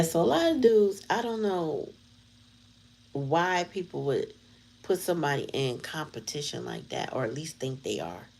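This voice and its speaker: A woman's voice: sits low, gravelly, darkish tone, poor audio. A woman hosting her tarot channel, chatting casually and telling a story in a blunt, candid way with plenty of slang. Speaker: tarot reader and channel host. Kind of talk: casual livestream chat.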